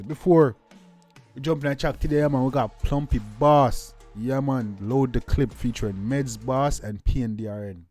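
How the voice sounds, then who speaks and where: A man's voice: mid-range voice, a bit bright. A man from Jamaica hosting a music reaction channel, talking in a loose, hyped way that leans on "yeah, man" between thoughts. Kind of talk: casual reaction commentary.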